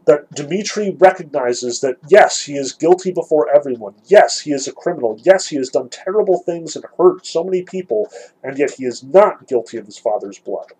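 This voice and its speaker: Man talking through a novel like a lecture, really breathy husky voice, mellow, bit high for a guy. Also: expressive, normal speed, low-quality recording. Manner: thoughtful, emphatic, some restarts. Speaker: literature lecturer. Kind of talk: reading and analysis of a novel.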